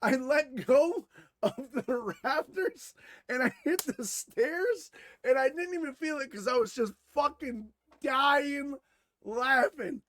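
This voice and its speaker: A man co-hosting a podcast, telling a story casually, animated and swearing freely, who grew up in Wisconsin. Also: extremely high pitch, slow pace, dry recording, studio quality. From Wisconsin, USA. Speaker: podcast co-host.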